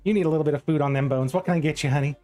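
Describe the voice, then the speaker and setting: A man's voice: a little high, rapid-fire, over music, lightly acted. A man voicing a doting, motherly half-elf woman tavern keeper with a Southern US accent, fussing over a guest and calling her honey.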